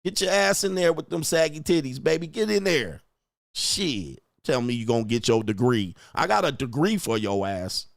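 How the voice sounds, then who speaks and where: Gravelly and mid-range with big pitch swings, this man talks at a moderate pace in a dry studio-quality recording. He's a relationship coach hosting a livestream, ranting crudely and mockingly with emphasis and laughing at his own jokes.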